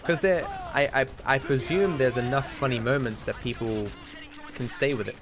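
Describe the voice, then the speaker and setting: A young Australian man chats loosely while streaming a game, often restarting his sentences. His pitch sits mid-range, and his opinions come out candid and unpolished. Game music plays steadily underneath. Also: moderate pace. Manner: rambling, frequent restarts, candid. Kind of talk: casual chat while gaming. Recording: game music playing behind.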